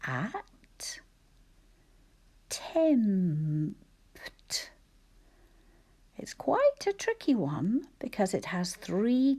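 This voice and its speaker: A woman teacher with a husky, gravelly voice dictates spelling sentences at a very slow pace. She breaks words into sounds and syllables, often dropping to a whisper. Her pitch sits low but moves a lot. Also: a little mellow. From Scotland.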